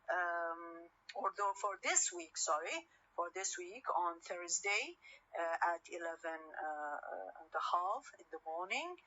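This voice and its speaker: A woman's voice: lowish voice, sharp tone. A woman lecturer with an Arabic accent, talking through a recorded lesson with many fillers and restarts. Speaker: university lecturer. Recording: dull lo-fi recording, faint noise.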